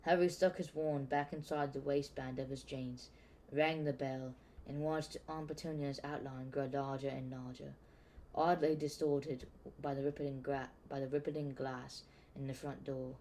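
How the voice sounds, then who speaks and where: A man's voice: medium pitch, little pitch movement, measured pace, darkish tone, slight background noise, low-quality recording. A man casually reading a novel aloud, often stumbling and restarting words. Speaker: audiobook reader. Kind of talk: casual amateur book reading.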